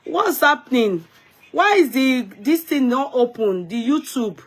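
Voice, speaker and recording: A woman's voice: sits high, big pitch swings, measured pace. A Nigerian woman hosting an unscripted live stream, talking emphatically, scolding, restarting her words and greeting viewers by name.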